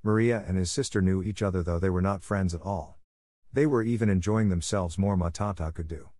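A man reading a story aloud in a measured, slightly halting way. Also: low voice, warm tone, no echo, clean studio sound.

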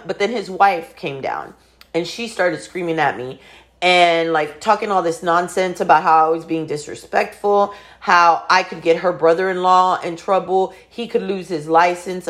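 A woman's voice: lowish voice, normal speed, a bit bright. Frank, foul-mouthed woman telling a story. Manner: frank, profane, chatty with many fillers. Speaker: vlogger. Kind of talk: candid personal storytelling.

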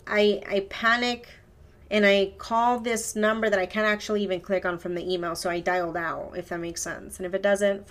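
A woman hosts her own podcast with a casual solo storytelling monologue. She rambles, swears freely and stops to correct herself mid-sentence. Her voice sits at an ordinary middle pitch for a woman. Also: fairly bright tone. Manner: rambling, profane, self-correcting. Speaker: podcast host.

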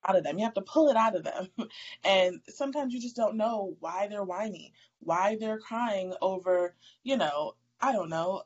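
A woman's voice: mid-range voice, moderate pace. Chatty mother on lo-fi audio. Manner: relaxed, chatty, laughs often. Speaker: podcast guest, mother. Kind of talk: casual podcast chat.

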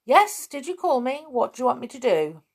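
A woman voicing an eager, simple-minded male toy bear in a storybook reading, quick and keen to please. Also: high-pitched, very animated, creaky, husky, pitched above the performer's own voice, full character voice.

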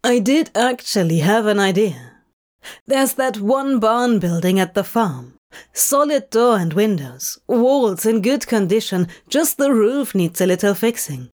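A woman reading the lines of a blunt, swearing man in a slow, curt drawl. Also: medium pitch, animated, darkish tone, natural voice. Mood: hesitant.

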